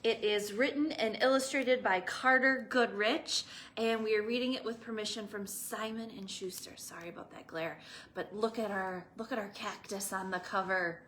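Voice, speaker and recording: A young woman, a children's librarian, reading a picture book aloud to young children with an expressive, engaging manner. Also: medium pitch, moderate pace, slight background noise. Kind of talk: children's storytime read-aloud.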